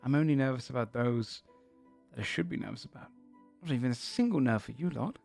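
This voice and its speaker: A man voicing a nervous, excitable male dragon who frets and stumbles over his words. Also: mid-range voice, a little fast, creaky, faint music behind, voice pushed up, natural voice. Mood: anxious.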